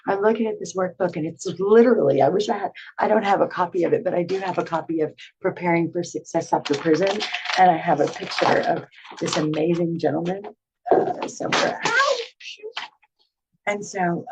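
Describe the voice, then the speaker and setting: A middle-aged woman telling her own story to camera in a chatty, animated way, full of filler words. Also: lowish voice, noisy background.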